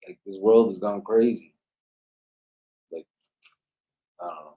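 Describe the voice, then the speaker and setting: Man, podcast host, casual chat, laid-back, slightly low pitch. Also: unhurried, muffled recording. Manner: laid-back, often adds "you know what I mean".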